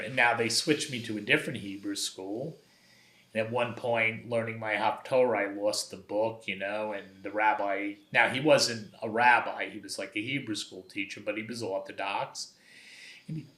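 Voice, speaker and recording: An older man from Brooklyn, New York, speaks forcefully in a lowish voice, appearing as a guest documentary photographer. He spins anecdotes conversationally and animatedly, acting out the voices he quotes, in a room with a roomy echo.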